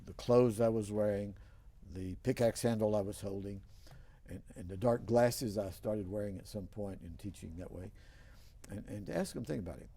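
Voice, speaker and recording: Casting: older male talk show host, low voice, mellow tone, anecdotal and rambling. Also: moderate pace, husky. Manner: rambling, anecdotal, with many restarts. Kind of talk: casual storytelling interview.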